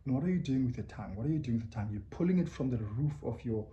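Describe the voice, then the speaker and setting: A man's voice: mid-range voice, expressive, very fast, dark tone, muffled recording. A man teaching a language lesson, patiently drilling words syllable by syllable and inviting listeners to repeat after him. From South Africa. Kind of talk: bilingual pronunciation lesson.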